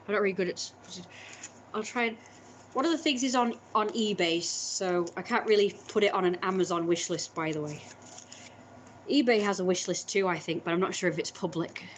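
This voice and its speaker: A woman's voice: medium pitch, fairly quick, slight background noise. Chatty woman rambling on stream. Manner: rambling, chatty, restarts and corrects herself. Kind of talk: casual chat.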